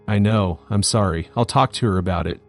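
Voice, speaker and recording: A man's voice: fairly low pitch, brisk, faint music behind, close to an everyday voice. A man reading the lines of a young brother who hesitates and apologizes. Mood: sheepish.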